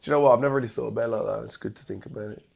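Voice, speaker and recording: Gravelly-voiced English man, halting. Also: medium pitch, darkish tone, a little hiss or hum. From England. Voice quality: hesitant, repeats words, many fillers. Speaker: podcast guest. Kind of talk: emotional casual conversation.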